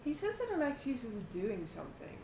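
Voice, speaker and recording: A woman's voice: fairly high pitch, huge pitch swings, brisk, reverberant, noisy background. A woman playing a tabletop game, plainly stating her character's actions and asking questions. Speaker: player.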